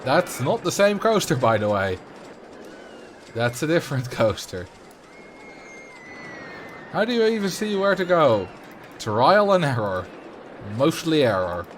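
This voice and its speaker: A man's voice: a little high, very animated, a little slow, pauses often. Dutch guy streaming, chatting away while he plays, answers chat, bit of street noise in the back. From Netherlands. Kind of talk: casual livestream commentary while building a game park.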